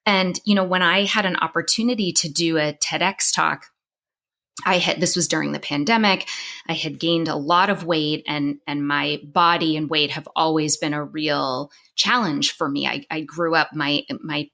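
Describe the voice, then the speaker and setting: A woman's voice: sits low, fairly even intonation, normal speed, creaky, pushed and bright. A middle-aged woman podcast host and psychologist, telling a personal story in conversation, candid and emotional with many restarts, crying at times.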